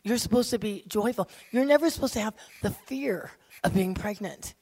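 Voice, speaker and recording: A woman preaches with strong emotion, dropping to near-whispers and then rising to loud, emphatic lines. Her voice sits in an ordinary middle pitch. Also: normal speed. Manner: emotive, swings from soft hushed lines to loud emphatic ones. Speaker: women's ministry speaker. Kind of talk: sermon.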